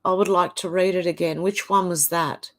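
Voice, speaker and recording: In a lowish voice with fairly even intonation, this Australian livestream host works through her viewers' comments at a moderate pace. She reads each aloud in turn and adds quick, casual asides.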